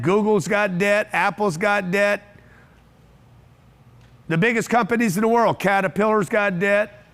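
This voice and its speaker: A brash motivational speaker addresses a live crowd in an event room, his voice high and fairly bright. He is blunt and profane, and he keeps throwing out rhetorical questions during the seminar.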